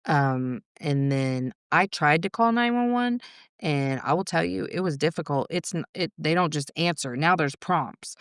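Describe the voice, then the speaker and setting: A woman guest on a podcast, telling a personal story in a candid, rambling way, swearing freely and adding quick asides. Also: deep voice, expressive, smooth, no room sound, clean studio sound.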